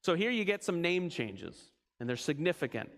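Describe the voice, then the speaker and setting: A man's voice: fairly high pitch, very animated, moderate pace, fairly bright tone. Man leading a Bible study. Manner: conversational, quizzes the group with questions. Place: church.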